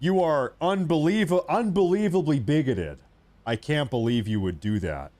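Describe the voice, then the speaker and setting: A man voicing an indignant, self-righteous scold who shouts reprimands in mock outrage. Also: fairly high pitch, lively intonation, moderate pace, lightly acted.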